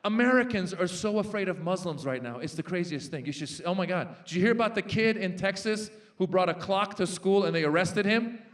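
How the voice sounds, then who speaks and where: A man in his forties doing a stand-up comedy set on a festival stage, animated and jumping into impressions and shouted punchlines. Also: sits high, fairly quick. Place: large festival stage before a live audience.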